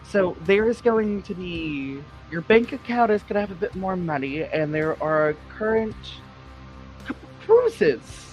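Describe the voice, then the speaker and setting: A man voicing a scheming female vampire doctor who poses as a guardian angel on the phone, calm and matter-of-fact. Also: high voice, unhurried. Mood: persuasive. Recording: muffled audio with faint music.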